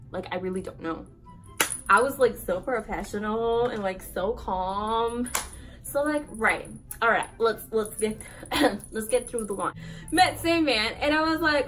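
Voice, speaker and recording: Young woman, high voice, giggly, excitable, chatty storytime, faint background music. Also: measured pace. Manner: giggly, excitable, filler-heavy. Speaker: vlogger. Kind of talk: casual storytime chat.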